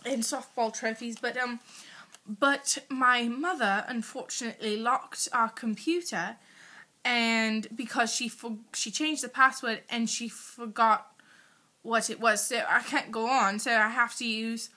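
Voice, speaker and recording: A teenage girl puts on a British accent for a school video, speaking slowly with a bright, somewhat high voice. She hesitates constantly with ums and keeps a playful tone. She records into her iPad in her bedroom. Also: steady tone. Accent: put-on British. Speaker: student. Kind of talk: homemade school project video. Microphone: iPad built-in mic.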